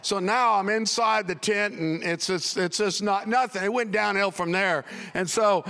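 A middle-aged male pastor telling a comic story in a sermon, animated and prone to sudden shouts. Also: high-pitched, normal speed, big-room sound.

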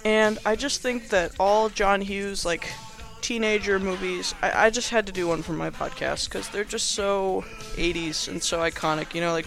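A man's voice: high-pitched, fairly bright tone. A young man hosting a podcast, casually recapping a movie in a rambling, filler-heavy, playfully sarcastic way. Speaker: podcast host.

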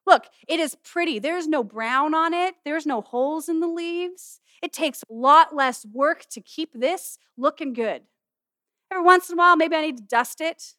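A middle-aged woman pastor giving an animated, humorous sermon in a conversational way. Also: sits high, moderate pace, dry recording, studio quality. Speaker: pastor and student chapel speaker. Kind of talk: sermon with object lesson.

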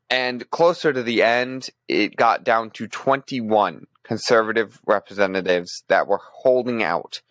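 Male podcast co-host, low dry voice, casual and rambling delivery. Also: fairly bright tone, no echo. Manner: thinks aloud, frequent restarts and fillers. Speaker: podcast co-host presenting news.

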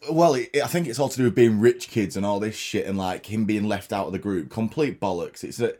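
A man's voice: on the low side, brisk, warm tone. A young man co-hosting a casual film-review chat, blunt and sweary in his judgments. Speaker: podcast co-host.

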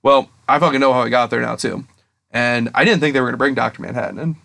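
A young man co-hosting a casual podcast, rambling excitedly and swearing constantly as he retells a story. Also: mid-range voice, fast talker, gravelly. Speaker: podcast co-host. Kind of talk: casual chat.

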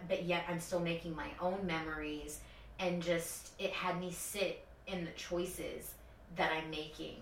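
Animated woman chatting off-mic. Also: recorded from a distance, a little hiss or hum. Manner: animated, many fillers, high-pitched quoted voices. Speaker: podcast co-host. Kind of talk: casual chat, storytelling. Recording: echoey room, off-mic.

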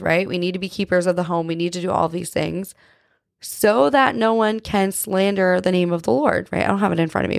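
Woman, podcast host, casual faith talk, earnest and chatty, gravelly fry, dry close sound. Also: mid-range voice, dry recording. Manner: chatty, peppered with "like" and "right?"; earnest, confessional.

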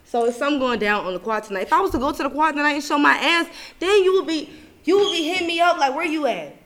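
A young woman hosts a casual podcast and vents. Her voice is bright and forceful and sits a little high, and she is animated and swears freely. She swings between loud outbursts and low muttering. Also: quick pace. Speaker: podcast host. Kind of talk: casual venting chat.

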